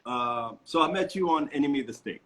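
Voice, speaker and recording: A man's voice: mid-range voice, expressive, brisk, background noise. A man interviewing a guest in casual chat, enthusiastic and laughing often. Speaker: interviewer, co-owner of studio.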